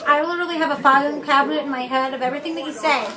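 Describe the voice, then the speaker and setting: A young woman with a high voice, teasing and joking as she co-hosts a casual vlog. Chatter from other people carries in the background. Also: steady tone, rapid-fire, recorded from a distance, noisy background. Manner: playful, teasing, breaks into short sung bits. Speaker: vlog co-host.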